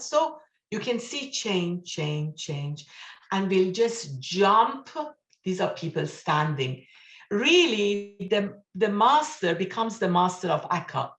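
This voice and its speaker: Excitable woman telling stories, echoey room. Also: low voice. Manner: excited, acts out quotes, laughs often. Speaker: speaker at an online study session. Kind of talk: animated storytelling talk. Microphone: video call.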